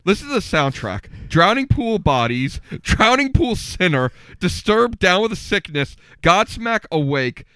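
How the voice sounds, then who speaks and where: A young man co-hosting a podcast in casual chat, sarcastic and quick with music talk. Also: high voice, clear, resonant tone, no echo. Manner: sarcastic, lively, reads notes aloud with stumbles. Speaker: podcast co-host.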